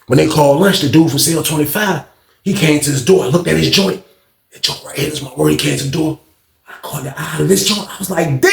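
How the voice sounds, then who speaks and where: A man tells a prison story in a casual, animated way, jumping into raised voices as he acts out each person. His voice sits high and swings widely in pitch. The room around him is echoey. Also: fast, vocal fry.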